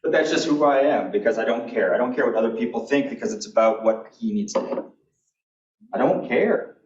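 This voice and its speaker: A man's voice: medium pitch, animated, fairly quick, distant mic. A man giving a keynote talk, telling blunt, humorous stories in a folksy way. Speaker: keynote speaker. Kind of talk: animated storytelling talk. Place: conference hall. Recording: echoey, dull room recording from afar.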